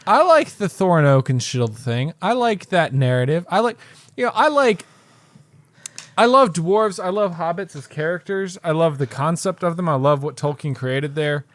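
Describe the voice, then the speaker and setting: A man's voice: fairly high pitch, expressive, normal speed, no room sound. A man co-hosting a casual podcast, enthusiastic and full of fillers. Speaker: podcast co-host. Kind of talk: casual chat.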